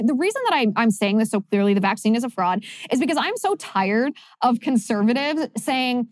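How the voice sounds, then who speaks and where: A woman's voice: on the high side, no echo, clean studio sound. A young woman hosting a podcast, delivering an opinionated monologue in a sarcastic, emphatic way. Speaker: podcast host.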